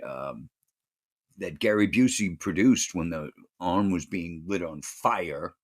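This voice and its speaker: A man co-hosting a movie podcast, talking casually and haltingly with many fillers. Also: low voice. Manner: rambling, hesitant with many fillers. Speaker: podcast co-host. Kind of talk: casual movie review chat.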